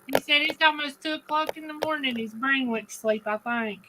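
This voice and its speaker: A woman's voice: sits high, a little fast, heavy background noise. A woman with a Southern US accent, chatting casually on a late-night live stream, tired and laughing often.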